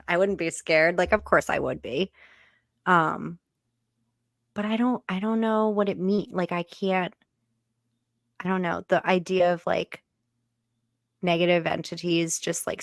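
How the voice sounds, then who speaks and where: A young woman talks through a casual reaction chat, skeptical and full of "like" fillers, breaking into laughs. Her voice sits a little low. The sound is close and dry. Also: gravelly, no room sound. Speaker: co-host of a reaction channel.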